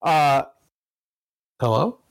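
A man's voice: fairly high pitch, animated, drawn-out words, creaky, no room sound, low-quality recording. A man co-hosting a casual video game podcast, sarcastic and profane, stretching out words for emphasis. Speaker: podcast co-host.

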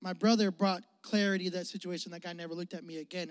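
A young male preacher from the Chicago area with a high voice, telling a story in an animated, joking way and talking straight to his audience. The recording is close and dry. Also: fast, few pauses, dry recording. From Chicago area, United States. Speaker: youth preacher. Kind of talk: storytelling sermon.

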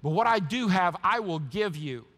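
A man voicing a bold male apostle who shouts commands to heal a beggar, performed within a sermon. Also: high-pitched, lively intonation, normal speed, in a large hall, pitched above the performer's own voice. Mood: commanding.

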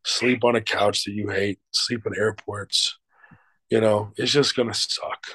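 A man's voice: lowish voice, fairly even intonation, measured pace, sharp tone, husky, dry recording, poor audio. A middle-aged man, an actor and showrunner, answering interview questions in a loose, emphatic way, swearing freely and using many fillers.

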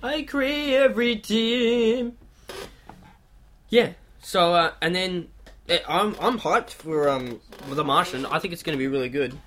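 A man with a slightly raised voice, co-hosting a casual chat podcast. He talks loosely, teases his friend and swears freely. It sounds like relaxed banter between mates. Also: high-pitched, a little slow, slight background noise. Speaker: podcast co-host.

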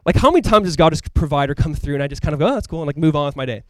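Male pastor, fairly high voice, rapid, chatty and emphatic sermon delivery, dry sound. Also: no room sound. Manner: casual, conversational preaching with frequent asides.

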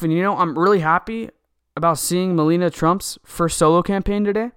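A man's voice: sits high, fairly quick, a bit bright, clean tone, dry recording, studio quality. A man hosting a podcast, delivering an indignant, heated political monologue that keeps circling back to the same complaints. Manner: heated, indignant, repetitive ranting. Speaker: podcast host.

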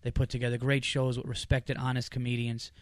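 A man hosting a podcast in a loose, excited ramble, full of ums and restarts. His voice sits in a middle pitch. The sound is dry and close. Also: a little fast, no room sound. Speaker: podcast host. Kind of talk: casual podcast chat.

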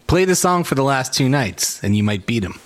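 A man's voice: mid-range voice, very animated, a little fast, noisy background. A man in casual chat, teasing and egging on the storyteller.

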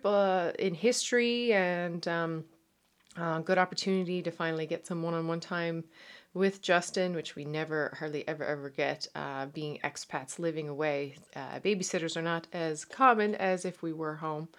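A woman with a Newfoundland accent hosts her podcast in a relaxed, rambling way, with lots of fillers and restarts. Her voice sits a little low, and she sounds like she is in her thirties. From Newfoundland, Canada. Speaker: podcast host. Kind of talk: casual chat.

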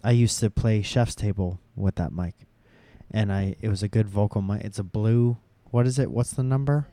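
A man's voice: on the low side, moderate pace, dark tone, no room sound. A man co-hosting a podcast in loose, joking casual chat with a bit of crude talk. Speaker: podcast co-host.

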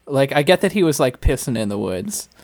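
A man's voice: medium pitch, sing-song, fairly quick. Dry-humored man on a movie podcast. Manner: dry, laughing, agreeable. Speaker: podcast co-host. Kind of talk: casual movie recap chat.

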